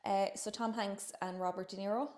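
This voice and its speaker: A woman's voice: medium pitch, steady tone, a little fast, a little mellow, reverberant. A woman co-hosting and judging impressions, talking casually and encouragingly. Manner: encouraging, laughs often. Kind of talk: casual chat.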